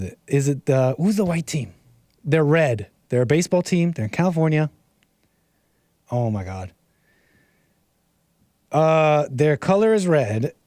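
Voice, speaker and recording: An American man hosting a casual livestream, rambling and animated as he chats and reads comments aloud. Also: on the high side, dry recording, clean studio sound. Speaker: livestream host.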